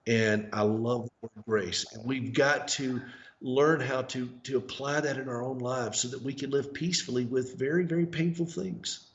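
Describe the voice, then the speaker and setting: A man's voice: medium pitch, fairly even intonation, moderate pace. An earnest man with a Southern US accent, his voice sounding dull and lo-fi over a remote line. He talks as an interview guest, often doubling his words to press a point. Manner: earnest, repeats words for emphasis.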